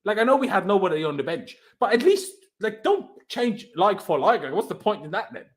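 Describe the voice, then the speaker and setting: A man's voice: sits high, big pitch swings, fairly quick. Exasperated young man ranting about football. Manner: exasperated, ranting with repeated rhetorical questions. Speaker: host of a football reaction stream. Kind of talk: heated post-match fan reaction chat.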